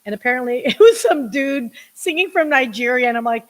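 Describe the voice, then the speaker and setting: A woman's voice: high voice, lively intonation, fairly quick. A woman co-hosting a podcast in casual chat, laughing and rambling with fillers while sharing one microphone. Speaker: podcast co-host and producer. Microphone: one shared microphone.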